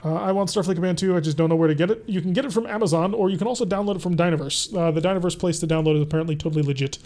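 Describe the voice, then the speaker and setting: Guy streaming a mech game, bit higher voice, mellow, chatty, answers chat as he goes. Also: fairly even intonation, racing. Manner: chatty, reads and answers chat while playing. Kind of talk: casual game stream commentary.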